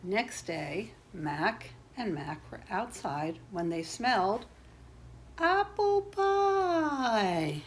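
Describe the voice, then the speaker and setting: Expressive older woman reading aloud. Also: lowish voice, slight background noise. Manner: slow, expressive storytelling. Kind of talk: children's storybook read-aloud.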